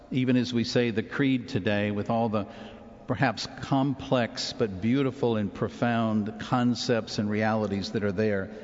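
A man preaching a sermon as a priest, earnest and slow with long pauses. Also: mid-range voice. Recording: dull sound with long church reverb.

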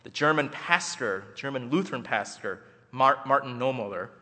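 A man's voice: mid-range voice, moderate pace, bright, forceful tone. Impassioned male speaker in a hall. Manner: emphatic, rising and falling for effect. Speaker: guest speaker at a church event. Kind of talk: impassioned public speech. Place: large hall. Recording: reverberant hall.

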